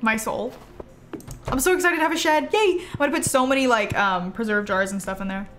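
A woman's voice: a little high, a little fast, noisy background. A young woman game streamer chatting casually and playfully to her chat while she plays, reacting aloud to what she finds.

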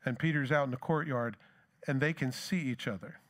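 A man's voice: medium pitch, brisk, fairly bright tone. Conversational middle-aged male pastor preaching. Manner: conversational, with rhetorical questions and plain asides. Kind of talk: sermon.

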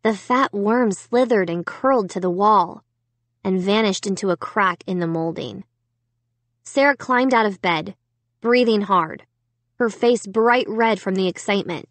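A woman's voice: medium pitch, measured pace, dry recording. A woman narrating a children's horror audiobook in first person, reading with suspense.

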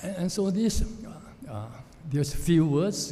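Slow, mellow-voiced preacher in a reverberant church. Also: male voice, a little high, expressive. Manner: slow, reflective, with frequent pauses and fillers. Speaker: pastor. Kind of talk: sermon. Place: church sanctuary. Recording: long church hall reverb with faint noise.

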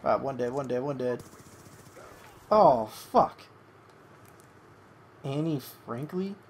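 A young adult gamer giving excitable live commentary over a match, swearing at opponents and coaxing a pet between plays. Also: medium pitch, takes it slowly, a little hiss or hum.

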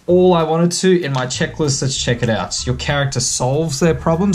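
A man from Western Australia, an author giving a relaxed, chatty writing lesson for kids. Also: mid-range voice. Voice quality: relaxed, chatty explaining with fillers. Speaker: author-illustrator teaching kids. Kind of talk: picture book writing lesson.

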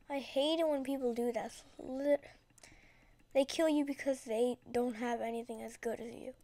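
High, dry-voiced chatty gamer woman. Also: dark tone, no room sound. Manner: chatty, dramatic, slangy, rambling. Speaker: gaming video creator. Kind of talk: casual gameplay commentary.

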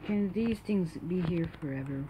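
A woman's voice: lowish voice, expressive, moderate pace, noisy background. A young adult woman commenting on a horror game as she plays, jittery and self-mocking, swearing often. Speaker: gamer.

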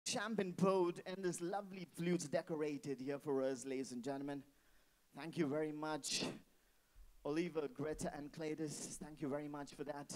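At an indoor reception hall, a man emcees a wedding party on a handheld mic, pumping up the crowd, repeating his lines and calling for noise. His voice is a little high with little pitch movement and a moderate pace, and the audio is poor.

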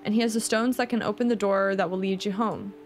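A woman's voice: medium pitch, steady tone, fast, faint music behind, close to an everyday voice. A woman reading an evasive old king. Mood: calm. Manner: reading dialogue aloud plainly. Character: wise but evasive male king.

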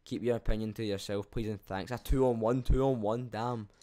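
Reading out his channel's comments, a young man from Scotland fires back cheeky, sweary remarks and laughs at his own expense. The YouTuber's voice sits on the low side, with a steady, dark tone and a brisk pace.

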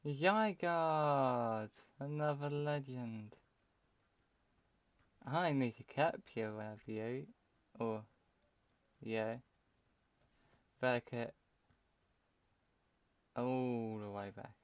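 A young British man gives slow, unhurried commentary on a game he is playing. His voice sits at an ordinary pitch and is recorded dry and close. He rambles to himself and often trails off mid-sentence. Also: steady tone, clean tone, no room sound. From United Kingdom. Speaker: let's play commentator.

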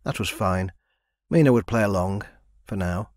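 A male narrator with a lowish voice reads a fantasy audiobook in an even, measured way. The recording is close and dry. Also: dry recording. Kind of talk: scripted narration.

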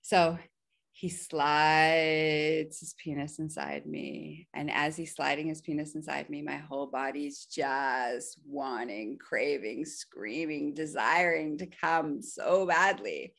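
Podcast guest, woman, lower pitch, candid animated storyteller who laughs often. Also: takes it slowly, creaky. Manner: animated, laughs often, voice jumps high when quoting her own pleading.

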